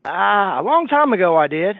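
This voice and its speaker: Male trainee, high animated voice, hesitant, tinny phone line. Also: moderate pace. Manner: hesitant, with "uh" fillers. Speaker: sales trainee. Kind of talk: role-play phone practice.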